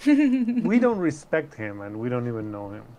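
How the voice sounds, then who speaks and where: Dry-joking man with a lively pitch. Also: normal speed. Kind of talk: casual stream chat.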